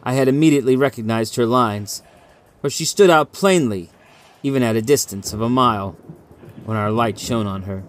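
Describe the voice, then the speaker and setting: Guy reading a spooky sea story aloud, steady, vivid, mid-pitched voice. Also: normal speed. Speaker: audiobook reader.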